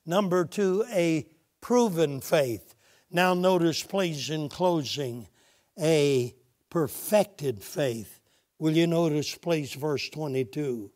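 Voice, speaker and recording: A man preaching with a somewhat high voice and an unhurried, deliberate pace. He drops into dramatic pauses and acts out the people in his stories as he moves through a sermon. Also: a little mellow. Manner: dramatic pauses, retells stories with acted quotes.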